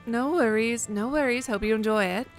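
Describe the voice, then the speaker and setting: A woman voicing a friendly small-town diner server, speaking in a bright, cheerful, welcoming manner while reading a game aloud. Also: on the high side, moderate pace, soft background music, close to an everyday voice.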